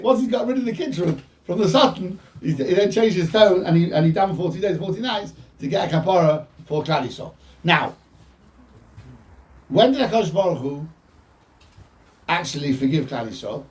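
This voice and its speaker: Rabbi, animated, heard from afar. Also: male voice, sits high, fairly quick. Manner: animated, quotes Hebrew texts then explains in English. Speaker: rabbi teaching a Torah class. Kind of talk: informal Torah lecture. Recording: voice from a distance from the mic.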